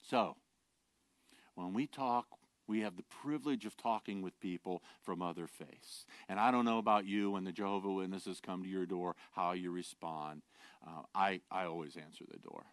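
A pastor preaching a sermon, earnest and direct, shifting from quiet, low asides to loud, emphatic declarations and rhetorical questions. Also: male voice, normal speed, no echo. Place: church.

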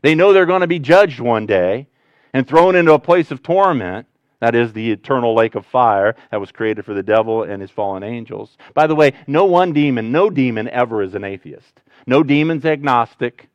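Male pastor, sermon delivery, smooth clear tone, dry close sound, conversational with big swings from loud to hushed. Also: mid-range voice, normal speed, dry recording, dull audio. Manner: conversational, animated preaching with sudden loud rises and quiet drops.

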